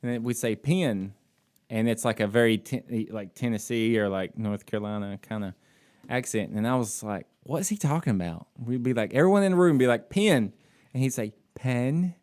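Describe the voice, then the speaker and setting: A laid-back man from the American South co-hosts a podcast over a video call. His voice sits in an ordinary middle pitch, and he tells stories casually, calling his friend dude. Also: steady tone, brisk, darkish tone, clear, resonant tone. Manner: storytelling, laid-back, says dude a lot. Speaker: podcast co-host. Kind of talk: casual chat.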